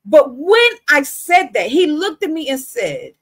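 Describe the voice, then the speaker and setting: A woman in a candid, conversational telling of a personal faith testimony, with a lively storytelling manner. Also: sits high, moderate pace, no room sound. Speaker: Christian beauty vlogger.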